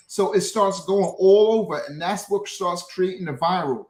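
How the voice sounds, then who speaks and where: A social media creator appears as an interview guest, explaining his methods in a high-pitched voice at a moderate pace with hardly any pauses. He often restarts his sentences and tacks on "right?", and the recording has a roomy echo.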